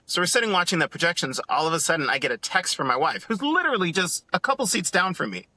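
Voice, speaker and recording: Bright, animated man telling a story. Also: high voice, fast talker. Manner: animated, acts out quotes in other voices; excited. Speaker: podcast co-host. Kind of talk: casual storytelling.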